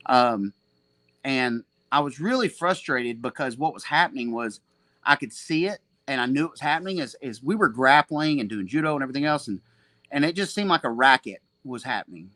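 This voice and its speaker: A man's voice: mid-range voice, normal speed, fairly bright tone, dry recording. A man in his forties, a jiu-jitsu gym owner guesting on a podcast, telling stories in a profane, rambling, self-mocking way. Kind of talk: casual storytelling.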